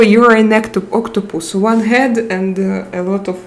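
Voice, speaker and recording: A woman's voice: medium pitch, fairly even intonation, moderate pace, few pauses. A woman hosting a live chat, reading viewer messages and teasing them in a playful, giggly way.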